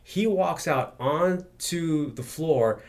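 A man's voice: a little high, drawn-out words, a little mellow. A man hosting a podcast, rambling and swearing as he tells a story in casual chat. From Los Angeles. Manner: rambling, profane, restarts often. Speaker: podcast host.

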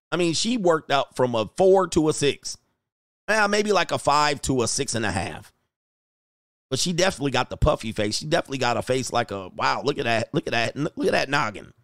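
A young man giving casual, crude reaction commentary, loud and animated, laughing often. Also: mid-range voice, no room sound, studio quality.

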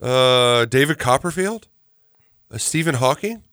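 A man's voice: mid-range voice, expressive, a little slow, a bit bright, smooth, no echo, clean studio sound. A man co-hosting a talk show, chiming in casually with laid-back quips. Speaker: co-host. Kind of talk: casual chat.

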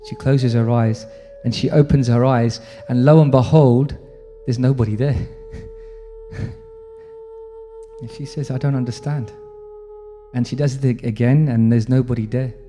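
Male storyteller-preacher, reverent and intimate, very dark mellow voice, long reverb with faint music. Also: medium pitch. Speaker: religious teacher. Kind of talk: devotional storytelling sermon.

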